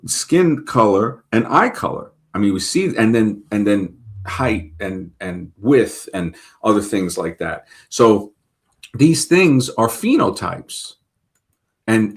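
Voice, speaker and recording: Low-voiced New host, chatty and rambling, trips over his own words. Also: vocal fry. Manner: rambling with many restarts and stammered repeats. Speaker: show host. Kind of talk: casual talk-show conversation.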